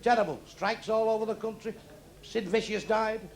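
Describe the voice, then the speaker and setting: On a club stage, a middle-aged comic with a high, gravelly voice delivers crude, blunt material at normal speed, completely deadpan. Crowd noise fills the echoey venue.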